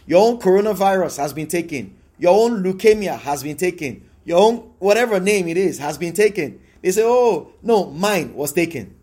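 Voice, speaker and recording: A man's voice: high-pitched, lively intonation, fairly quick, hardly any pauses, dark tone. A man preaching a sermon as pastor, emphatic and repetitive, his voice rising into exclamations.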